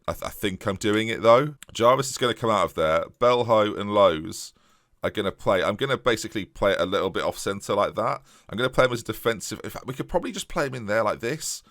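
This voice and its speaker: A man with a fairly low voice and a sore throat commentates on his football management game for his viewers. He talks fast and excitably, stumbling into restarts as the match swings, and sounds close and dry on a desk microphone with no room sound. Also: no echo. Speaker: gaming YouTuber. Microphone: USB desktop microphone.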